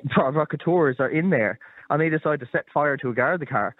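An Irish man on a call-in panel weighs his argument, pausing now and then to find the right word. He speaks quickly in a slightly high voice, heard through a narrow, tinny phone line. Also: no room sound. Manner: reasoned, hesitant with fillers. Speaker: panel guest. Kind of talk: measured panel discussion.

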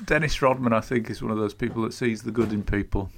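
A man's voice: fairly low pitch, fairly even intonation, quick pace, vocal fry. A man co-hosting a casual radio chat from home, wry and musing. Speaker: radio co-host. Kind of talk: casual banter.

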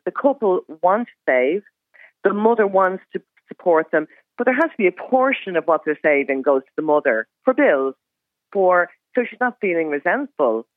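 A middle-aged woman calling into a radio show, telling stories and giving firm, brisk advice. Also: lowish voice, no room sound. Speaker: caller. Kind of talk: phone-in chat. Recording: tinny phone line.

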